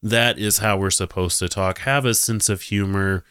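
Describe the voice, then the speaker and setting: Male podcast host with a very deep voice, dry close sound, talking off the cuff in a scoffing, sarcastic tone. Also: fairly even intonation, normal speed, a bit bright, smooth, no room sound. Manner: sarcastic and mocking, with frequent laughs and restarts. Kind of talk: casual commentary.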